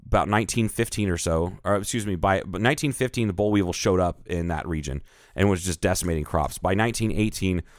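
A man's voice: deep voice, fast, no echo, clean studio sound. A middle-aged man chatting casually as a podcast co-host, telling rambling, jokey stories and correcting himself as he goes. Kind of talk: casual chat.

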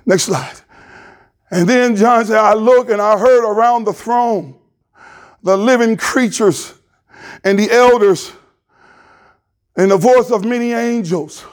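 A male pastor with an unusually high voice delivers an emotional sermon and prayer, at times tearful. He speaks slowly and deliberately, drawing out his words with passion. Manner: impassioned, emotional preaching. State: crying.

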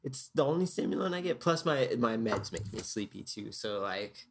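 A talkative bartender guest on a relaxed podcast. His voice sits at an ordinary, middle pitch, and his speech wanders and restarts. He laughs easily as he goes. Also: normal speed, gravelly, background noise. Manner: chatty, rambling, laughs often. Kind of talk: casual podcast chat.

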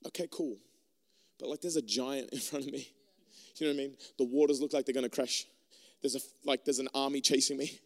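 A man preaching a sermon to a room of people, animated and joking, and talking in a loose conversational way. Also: medium pitch, brisk, in a large hall. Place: room with an audience.

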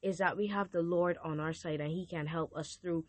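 A woman's voice: on the low side, steady tone, fairly quick, no room sound. Teenage girl with a strained, fading voice. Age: teens. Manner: earnest and encouraging, with frequent restarts. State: voice partly lost, strained. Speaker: podcast host. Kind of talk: casual faith podcast chat.

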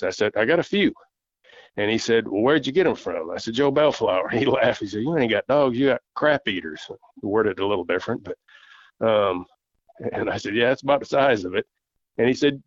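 A man's voice: medium pitch, no room sound. A man, a podcast guest telling a long story in a folksy way and acting out other people's voices in it. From southern United States. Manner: folksy, acts out quoted voices. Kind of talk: casual storytelling. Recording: dull lo-fi dry audio.

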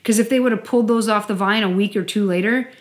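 A woman's voice: medium pitch, quick pace. A woman in casual conversation over a glass of wine, talking in a loose, rambling way. She peppers her speech with "like" and the odd swear word, and keeps the tone easygoing. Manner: chatty, heavy use of "like", swears casually. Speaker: podcast co-host.

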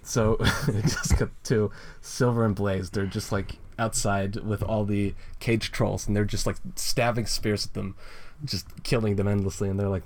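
A man's voice: lowish voice, little pitch movement, normal speed, hardly any pauses, darkish tone. A young man co-hosting a podcast, chatting casually and rambling through a story with many fillers and laughs. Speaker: podcast co-host. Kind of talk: casual chat reading a fan comic aloud.

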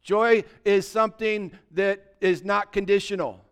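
A male pastor preaches a sermon in a high, clear, ringing voice. He exhorts the congregation and swings from hushed asides to loud, fervent calls. He slips in humorous remarks along the way. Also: steady tone, a little slow.

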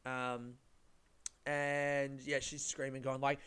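Young man, slightly high and smooth, rambling storyteller who swears a lot. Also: moderate pace. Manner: rambling, lots of swearing and fillers. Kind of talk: casual storytelling.

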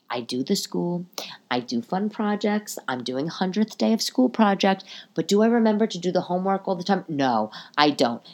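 A woman in her thirties hosting a casual solo podcast from home, venting in an exasperated, swearing rant. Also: medium pitch. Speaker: podcast host. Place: home living room.

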